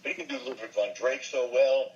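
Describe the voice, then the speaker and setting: An older man, a voice actor, chatting in an interview and telling animated stories, now and then dropping into quick impressions. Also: medium pitch, lo-fi sound. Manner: animated storyteller, slips briefly into impressions. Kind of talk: casual interview chat.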